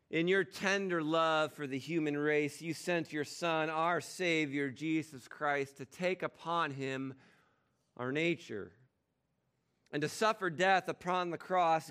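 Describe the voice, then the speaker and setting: Slow-spoken male pastor. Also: fairly high pitch, fairly bright tone, smooth. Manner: earnest, leads prayer. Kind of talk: sermon.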